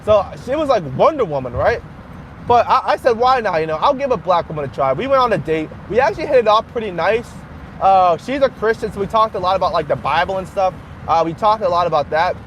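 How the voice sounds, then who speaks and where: High, lively-voiced man chatting while driving. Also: a little fast, slight background noise. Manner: rambling, chatty, laughs often. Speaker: live streamer. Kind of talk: casual live stream chat.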